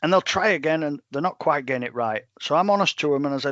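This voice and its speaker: A man's voice: on the high side, lively intonation, fast talker, fairly bright tone, dry recording, lo-fi sound. Blunt, plain-spoken English man. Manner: blunt, plain-spoken, quotes himself a lot. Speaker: professional gun dog trainer. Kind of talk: casual podcast interview.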